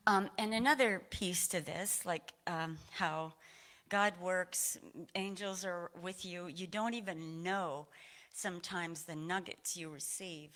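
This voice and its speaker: A woman's voice: fairly low pitch, steady tone, slow, a bit bright. A woman from Aroostook County, Maine, sharing a personal testimony at a church service in a meandering, conversational way, audibly emotional.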